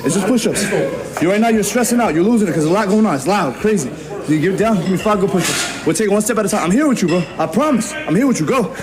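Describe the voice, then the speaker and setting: A very high-pitched man yells commands as a fitness coach, pushing hard. He is recorded in an echoey gym, with a loud crowd all around him. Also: animated, quick pace. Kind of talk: shouted coaching.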